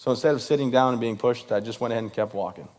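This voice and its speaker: A Michigan man, a guest speaker at a live event, delivers a funny, self-deprecating talk with lots of "right?" asides. His medium-pitched voice is slightly mellow, and he speaks in rapid-fire bursts.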